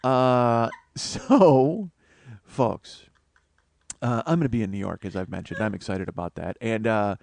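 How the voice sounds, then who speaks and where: A middle-aged man hosting a solo comedy podcast, rambling and profane, breaking into loud mock voices. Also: on the low side, a little slow, vocal fry, no echo. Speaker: comedian host.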